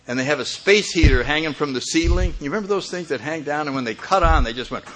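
A man's voice: a little high, fast, heavy background noise. An older man telling a humorous personal story as a speaker at a recovery meeting, often chuckling as he talks.

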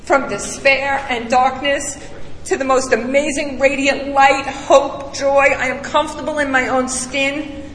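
Middle-aged woman, recovery testimony, blunt and emphatic, bright forceful voice, echoey hall with a long tail. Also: high-pitched, fairly even intonation, unhurried, a little hiss or hum. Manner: emphatic, blunt and salty, with rising bursts. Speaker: speaker sharing a recovery story.

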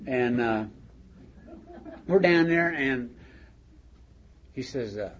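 At a recovery meeting in a meeting hall, an older man tells a funny story about himself in a folksy way, laughing along as he goes. His medium-pitched voice is lively in intonation but extremely slow. The recording is dull and lo-fi, with a faint hiss.

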